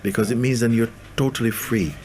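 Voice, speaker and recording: A man giving a spiritual talk to a gathering, gentle and playful, laughing often. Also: medium pitch, steady tone, a little fast, slight background noise. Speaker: spiritual teacher.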